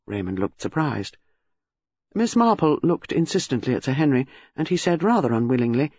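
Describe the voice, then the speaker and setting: A man narrating an audiobook in a measured, expressive way. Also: mid-range voice, breathy edge, no room sound. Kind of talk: scripted narration. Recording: dry slightly dull studio sound.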